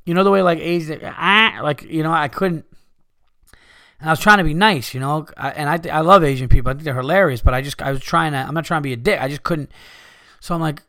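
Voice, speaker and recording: Give me a man hosting a podcast, reading listener emails aloud and cursing often with animated storytelling. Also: on the high side, fast, no room sound, clean studio sound. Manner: profane, laughing, animated storyteller. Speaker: podcast host.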